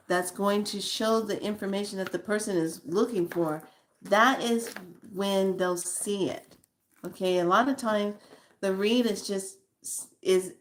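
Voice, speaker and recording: A woman's voice: medium pitch, a little hiss or hum. A woman who reads tarot cards, telling stories about her readings in a chatty, blunt way with casual swearing. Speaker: tarot card reader. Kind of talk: casual storytelling.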